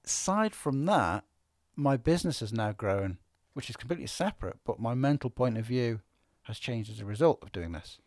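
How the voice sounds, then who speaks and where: A man on a podcast, telling stories in a lively way and acting out what people said. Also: medium pitch, normal speed, hardly any pauses, no room sound, clean studio sound. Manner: animated storyteller, acts out quotes. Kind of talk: casual podcast chat. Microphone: studio podcast microphone.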